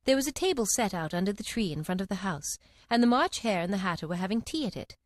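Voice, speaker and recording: A woman narrating a storybook in an expressive, lively reading. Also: mid-range voice, fast, no room sound, clean studio sound.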